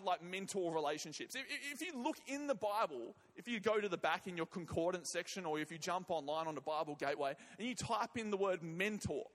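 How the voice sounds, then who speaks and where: A man's voice: sits high, a bit bright. A man preaching a sermon and leading prayer, emphatic and often repeating words and phrases. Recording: long reverb of a large hall.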